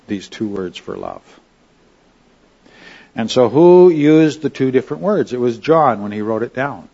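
A man's voice: mid-range voice, darkish tone, highs cut off. A man teaching a Bible study lesson in a conversational way, often checking in with his listeners.

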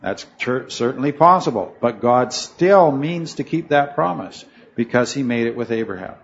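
A man's voice: mid-range voice, expressive, moderate pace, creaky, dull audio, a little hiss or hum. A man teaching a Bible study class, talking in a rambling way, correcting himself mid-sentence and putting questions to his students. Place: room with a noisy fan.

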